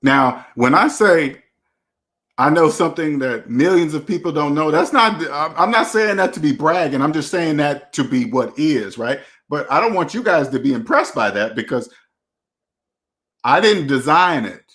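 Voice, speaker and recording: A man's voice: a little high, lively intonation, moderate pace, fairly bright tone. A man hosting a personal finance channel, speaking in a blunt, slangy, preachy way and repeating his key phrases for emphasis. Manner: blunt, slangy street talk. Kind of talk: casual monologue to camera.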